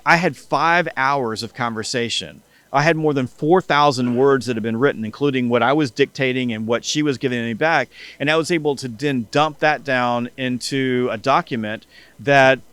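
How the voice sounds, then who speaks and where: A middle-aged man, a podcast guest, telling animated stories in casual interview talk and acting out bits of dialogue, with frequent restarts. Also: a little high, clear, resonant tone, no room sound. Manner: animated storyteller who acts out dialogue, with many restarts. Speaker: guest, sales company CEO and author.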